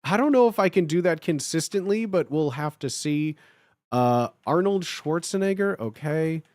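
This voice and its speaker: A man chatting casually with his livestream viewers, talking in a halting way with lots of filler sounds and restarts. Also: a little high, lively intonation, a little mellow, no room sound, clean studio sound.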